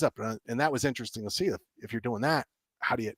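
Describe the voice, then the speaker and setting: Excitable man telling a story over a call. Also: medium pitch, quick pace, dry recording. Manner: excitable, acts out quoted dialogue, many restarts. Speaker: game developer guest. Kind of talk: animated storytelling in a podcast chat.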